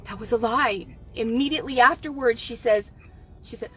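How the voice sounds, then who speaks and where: A woman commentator reacting to a clip, slow and insistent. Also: on the high side, bright, forceful tone, husky, soft background music.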